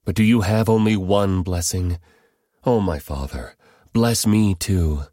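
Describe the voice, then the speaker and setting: Guy doing a desperate son begging his father, high and drawn out. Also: sing-song, unhurried, darkish tone, no room sound, clean studio sound. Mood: pleading. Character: desperate grown son, pleading and bitter.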